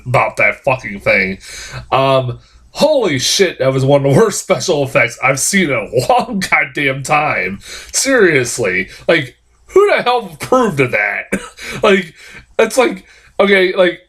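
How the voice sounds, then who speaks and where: A man with a blocked nose talks through a casual movie review, loose and rambling. He swears constantly and leans on fillers, his voice jumping up when something gets to him. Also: medium pitch. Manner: rambling, profane, animated, with frequent fillers. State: stuffed-up nose from a cold. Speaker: film reviewer. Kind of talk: casual spoken film review.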